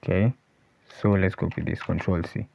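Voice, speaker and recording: A man teaching a coding tutorial, thinking aloud as he types and often pausing to say "let's see". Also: sits low, steady tone, gravelly, dark tone. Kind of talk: screen-recorded coding walkthrough. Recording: dull lo-fi voice recording. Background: keyboard typing and clicks.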